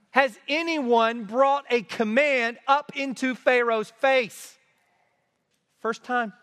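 High-voiced man preaching in a reverberant hall. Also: slow pace, a bit bright, clean tone. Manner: emphatic, repeats key phrases. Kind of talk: sermon. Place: church sanctuary. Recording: long reverb of a large hall.

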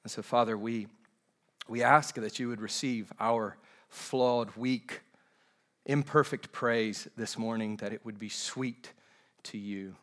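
Male pastor in a church service; earnest, measured preaching with restarts. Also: on the low side, steady tone, fairly bright tone. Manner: measured, earnest delivery with frequent repeated words. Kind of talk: sermon with opening prayer. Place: church during a morning service.

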